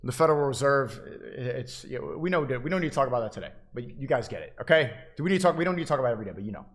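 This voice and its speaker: A man's voice: medium pitch, sing-song, rapid-fire. A man livestreaming, giving an insistent, preachy monologue to his chat, often repeating and restarting his phrases.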